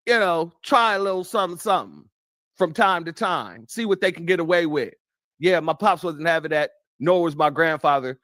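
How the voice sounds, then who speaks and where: In a high, slightly bright voice, a US news commentary host swears freely and tells blunt, casual tales from when he was a kid. The audio is clean studio quality without any echo.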